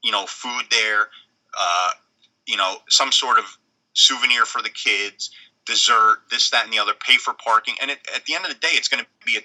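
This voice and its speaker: Podcast co-host, middle-aged man, very bright tone, blunt and rambly. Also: mid-range voice, rough recording. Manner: rambling, blunt, halting restarts. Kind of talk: casual chat.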